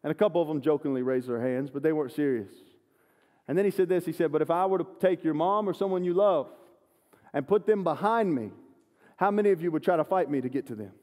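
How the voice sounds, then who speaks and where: A man preaching a sermon, an animated, self-deprecating storyteller. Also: a little high, fast talker. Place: church sanctuary. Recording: long church hall reverb.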